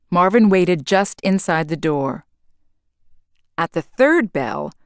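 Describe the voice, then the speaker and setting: A woman's voice: lowish voice, clean tone, dry recording, studio quality. A woman, a teacher, reading a children's storybook aloud in a careful way. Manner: slow, careful read-aloud.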